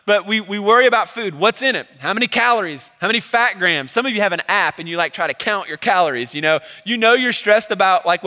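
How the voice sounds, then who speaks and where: A man's voice: high voice, bright, forceful tone, in a large hall. A young adult man preaching a sermon to his church in a casual, joking, conversational way. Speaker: pastor.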